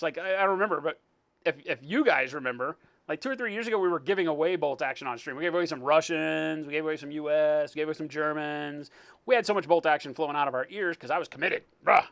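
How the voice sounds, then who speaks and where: A man's voice: a little high, fairly bright tone. A man hosting a live painting stream, chatting casually, joking and greeting viewers by name. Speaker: livestream host, miniature painter.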